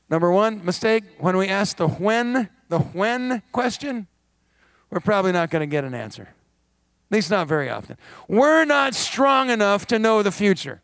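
A middle-aged man preaching a sermon in church, animated with wry asides and quick laughs. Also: high voice, dry recording. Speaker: guest pastor. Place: church sanctuary.

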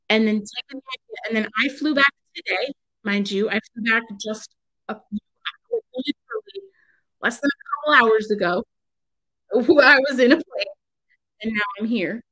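A woman crafter rants casually from home on her own channel, rambling, exasperated, and cutting herself off. Her voice is a little high and a bit bright, and the recording is rough.

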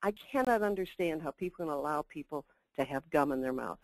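A woman's voice: deep voice, very animated, a little fast, darkish tone, dry recording, poor audio. An older woman giving a chatty, emphatic customer service webinar talk with asides. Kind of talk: webinar presentation.

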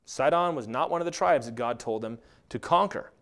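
A man preaching a sermon as pastor, animated and acting out quotes along the way. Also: mid-range voice, brisk. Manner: animated, acts out quotes and asides.

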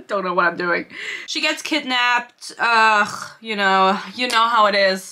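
A woman's voice: medium pitch, takes it slowly, bright, forceful tone. A young woman at her bedroom desk, giving a sarcastic book review with swearing and laughing asides. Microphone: desk camera.

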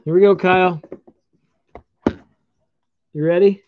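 Over dull lo-fi stream audio with slight background noise, a man with a high voice runs a trading card break live, announcing each pulled card and upbeat in congratulating its owners among the viewers. He keeps a steady tone and a slow pace.

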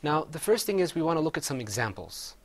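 A man's voice: fairly high pitch, sing-song, fast talker. A man teaching Quran recitation, patiently having his students repeat words after him. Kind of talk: classroom recitation lesson.

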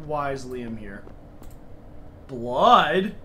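A man's voice: a little high, lively intonation, measured pace, pushed and bright, slight background noise. A young man giving profane, jokey let's-play commentary, panicking and swearing through a horror game. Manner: panicky, joking, heavy swearing. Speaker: gaming streamer.

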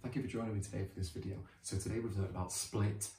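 A British man teaching a children's phonics lesson, sounding out words slowly and cheering the children on. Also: fairly low pitch, reverberant. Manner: animated, drawn-out sounding out of words.

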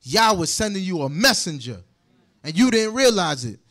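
Bright high-voiced preacher man. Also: moderate pace. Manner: animated, joking, laughing, repeats words. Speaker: congregation leader. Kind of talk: sermon with scripture commentary.

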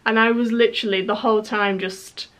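A young woman from England chatting excitedly in a storytime vlog, full of fillers and restarts. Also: a little high, a little fast, poor audio. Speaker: YouTuber.

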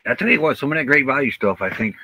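Male co-host of a casual live stream, relaxed talker, bright voice, mid-range pitch. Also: slightly rough, dry recording, poor audio. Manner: laid-back, chatty, quick to laugh. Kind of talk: casual chat.

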